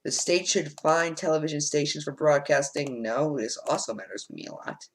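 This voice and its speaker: A man's voice: on the high side, normal speed, slight background noise, rough recording. A man and let's play host, reading quiz statements aloud and answering them bluntly, with frequent ums, on a home desk microphone.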